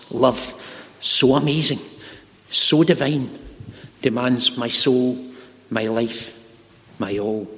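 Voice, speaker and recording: A man preaching a sermon in a church, telling stories earnestly and slowing down to stress key words. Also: medium pitch, gravelly, fairly bright tone. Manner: earnest, slows for emphasis. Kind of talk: sermon with storytelling. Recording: long hall reverb.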